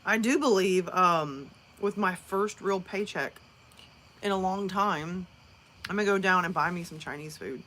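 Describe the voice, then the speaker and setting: A woman's voice: on the low side, unhurried, fairly bright tone, a little hiss or hum. A woman from northern Alabama with a Southern American accent, chatting casually and rambling with viewers on a live stream, laughing often. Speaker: livestream host.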